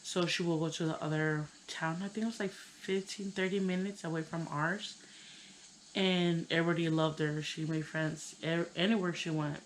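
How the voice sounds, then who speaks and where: A woman in her thirties telling a personal story on her channel, tearful and halting, with many pauses and fillers. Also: deep voice, steady tone, a little hiss or hum, rough recording. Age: 30s. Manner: hesitant, halting, full of "you know". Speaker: vlogger.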